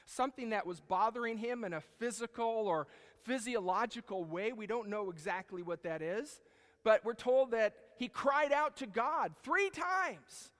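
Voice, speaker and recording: A male pastor preaching a sermon, animated, swinging between loud outbursts and hushed, intense passages. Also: sits high, unhurried. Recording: long reverb in a large hall.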